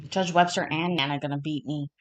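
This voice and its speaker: Woman streamer, stoned, lower-pitched; casual and profane, keeps getting sidetracked. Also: steady tone, brisk. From Canada. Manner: chatty, profane, easily sidetracked. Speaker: streamer reacting to a court show. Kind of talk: casual rambling storytelling.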